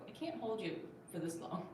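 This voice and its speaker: A woman's voice: mid-range voice, very animated, measured pace. Woman chatting on a livestream, talking to her cat, far from the mic, very echoey room w faint hum. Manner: chatty, reads viewer comments aloud and coos at her cat. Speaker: livestream host. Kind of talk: casual livestream chat.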